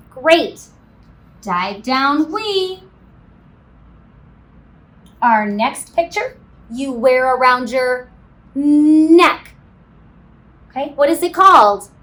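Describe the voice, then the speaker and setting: A woman teaching a phonics lesson to kindergarten children, slow and sing-song, encouraging, with playful sound effects. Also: high-pitched, fairly bright tone. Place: classroom.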